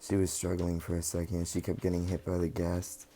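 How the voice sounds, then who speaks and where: A young man talking casually over his gameplay footage, relaxed and rambling with lots of ums. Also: deep voice, fairly quick, slight background noise. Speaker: gaming channel host.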